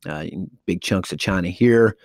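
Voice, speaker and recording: A man's voice: sits low, a little slow, no room sound, studio quality. A man teaching a history lecture in a loose, informal way, with fillers and restarts, speaking directly to his students. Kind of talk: classroom lecture.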